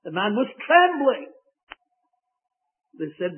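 A man's voice: extremely high pitch, animated, a little slow, a little hiss or hum. A man preaching a sermon in an emphatic, earnest way, on a tinny, phone-like recording.

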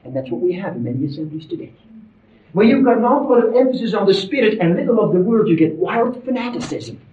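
High, animated male preacher, distant and roomy. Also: quick pace. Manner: emphatic, conversational preaching with asides. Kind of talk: sermon. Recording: roomy, distant, dull lo-fi sermon recording.

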